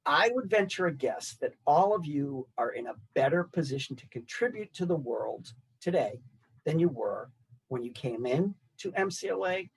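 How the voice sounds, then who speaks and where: An older man in his sixties speaks to graduates with a husky, somewhat raised voice. He delivers prepared remarks in a measured, reflective way and sets out his lists phrase by phrase. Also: a little high, poor audio. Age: 60s. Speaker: alumni association speaker. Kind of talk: prepared commencement speech.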